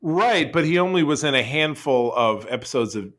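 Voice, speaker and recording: A man co-hosting a casual podcast chat, animated, laughing often and trailing into restarts. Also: a little high, moderate pace. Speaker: podcast co-host.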